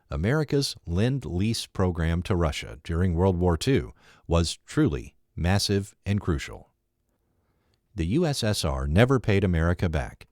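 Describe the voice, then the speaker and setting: A man reading his own opinion essay aloud in a measured, emphatic way. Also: deep voice, no echo, studio quality.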